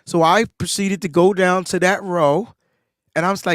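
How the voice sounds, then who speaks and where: A man co-hosting a podcast tells a sports anecdote casually, speaking at moderate speed and lifting in pitch as excitement builds, though he seems a bit unwell. There's no room sound, just clean studio audio.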